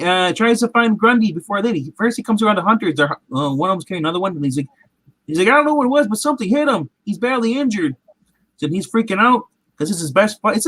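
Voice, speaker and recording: A man's voice: high-pitched, fairly bright tone, husky, no room sound, rough recording. A man recapping a show in casual, rambling chat, acting out quotes in different voices. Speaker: comic show recap host.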